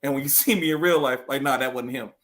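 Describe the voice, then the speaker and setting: A man's voice: medium pitch, fast, fairly bright tone. A man on a casual panel discussion who tells stories emphatically and keeps saying "literally". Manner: storytelling, emphatic, repeats "literally".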